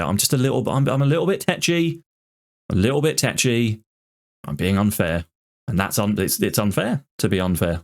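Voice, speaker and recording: A man's voice: mid-range voice, normal speed, creaky, darkish tone. Exasperated man ranting over a game. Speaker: gaming YouTuber. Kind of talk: game commentary.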